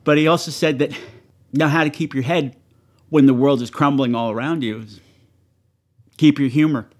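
A man's voice: mid-range voice, steady tone, moderate pace. A man hosting a horror movie show, talking casually and profanely to his viewers and shrieking in mock panic.

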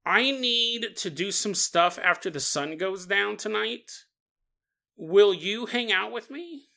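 A man's voice: high-pitched, animated, takes it slowly, vocal fry, sharp tone. A man hosting a paranormal podcast in a casual, rambling comedic monologue, laughing often and acting out the voices he quotes. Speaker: podcast host.

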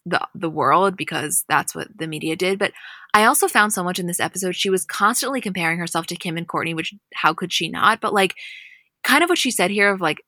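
A young woman co-hosting a podcast, casually recapping a reality show with chatty, animated storytelling. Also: mid-range voice, no echo, studio quality.

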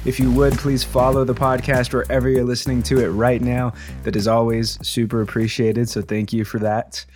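A man's voice: medium pitch, flat delivery, moderate pace, hardly any pauses, over music. Upbeat chatty man hosting a podcast. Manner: upbeat, thankful, chatty with frequent fillers. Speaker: podcast host. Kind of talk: casual podcast monologue.

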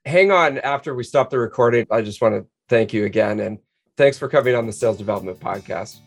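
A man's voice: medium pitch, fast, vocal fry, soft background music. A man hosting a podcast interview, effusive and full of praise. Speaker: podcast host.

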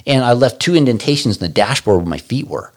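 A middle-aged man, a guest, telling a personal story casually, animated and profane, acting out the people he quotes. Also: mid-range voice, fast talker.

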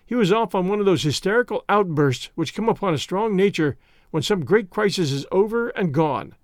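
Brief: male audiobook narrator, expressive delivery, dry close recording. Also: high voice, dry recording. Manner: measured, expressive storytelling. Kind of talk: audiobook reading of a classic story.

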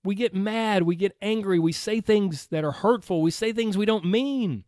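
A man's voice: high voice, moderate pace, darkish tone, no room sound, studio quality. A man coaching listeners through an earnest, conversational motivational talk, repeating phrases for emphasis. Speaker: health and weight-loss coach.

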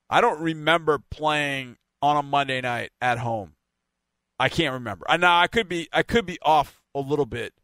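A man's voice: fairly high pitch, pushed and bright, no room sound. A man hosting a team podcast, wrapping up in a chatty, rambling way with laughs. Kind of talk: casual radio-style sign-off.

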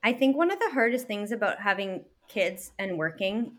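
Woman, thirties, interview guest, earnest, animated, laughs easily, mid-pitched voice. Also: moderate pace. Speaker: guest, working mother. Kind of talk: casual interview chat.

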